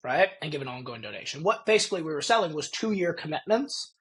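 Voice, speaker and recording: A young Canadian man with a Canadian accent, a podcast guest telling stories in a lively way and laughing often. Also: on the high side, quick pace, low-quality recording. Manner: animated storyteller, laughs often, acts out quoted voices. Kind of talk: casual storytelling.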